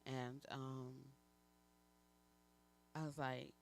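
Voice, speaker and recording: A woman minister speaks from the pulpit of a church, giving a personal testimony. Her telling is candid and halting, full of pauses and fillers as she works through her story. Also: rumbling low, level tone, a little hiss or hum. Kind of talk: personal testimony within a sermon.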